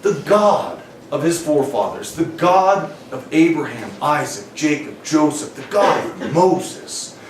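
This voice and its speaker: A man preaching a camp sermon, animated, laughing often and asking the crowd questions. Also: fairly high pitch, a little hiss or hum. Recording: roomy hall, distant mic, faint ambience.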